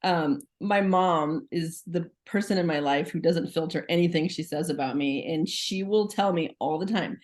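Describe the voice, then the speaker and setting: A woman's voice: lowish voice, moderate pace, hardly any pauses, a little mellow. A woman working as a school social worker, giving a casual presentation on a video call, talking in a chatty way with many "like" fillers and questions to the audience. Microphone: video call microphone.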